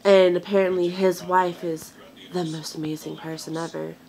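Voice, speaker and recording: A woman's voice: lowish voice, little pitch movement, moderate pace, creaky, darkish tone, poor audio. A woman in her twenties rambling to camera as a vlogger, venting with many hesitations and sounding close to tears. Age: 20s. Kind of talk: casual chat to camera.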